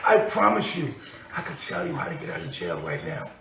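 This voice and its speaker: A man delivering a rambling, preachy monologue that repeats itself and builds into shouting, recorded far from the mic. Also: a little high, huge pitch swings, a little fast, gravelly, echoey room. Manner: preachy, repetitive, escalating into shouting.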